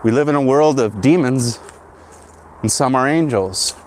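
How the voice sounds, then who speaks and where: A man's voice: mid-range voice, measured pace, darkish tone, slight background noise. A man hosting his own show, ranting in a monologue and tagging his lines with "right?". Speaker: podcast host.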